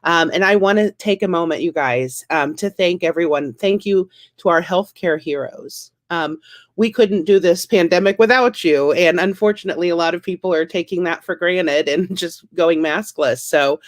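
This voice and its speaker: A woman's voice: on the low side, moderate pace. A woman in her thirties doing a stand-up comedy set, wry and self-deprecating, with punchy delivery.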